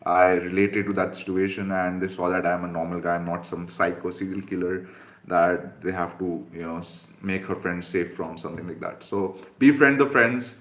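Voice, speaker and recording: A man's voice: low-pitched, steady tone, normal speed, fairly bright tone. A man coaching on dating, answering viewer questions one by one in a direct, instructive way with frequent fillers.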